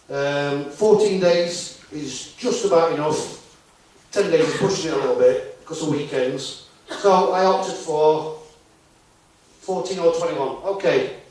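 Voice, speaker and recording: A man's voice: a little high, a little mellow. Male conference speaker, chatty and full of rhetorical questions, heard from far off in an echoey hall. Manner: conversational, asks the audience rhetorical questions. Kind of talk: live talk to an audience. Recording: echoey hall, distant mic, faint noise.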